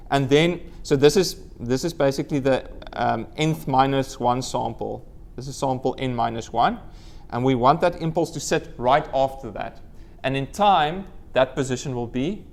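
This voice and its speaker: A man giving a live university lecture, quizzing the class and letting out playful whoops. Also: mid-range voice. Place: lecture room with students.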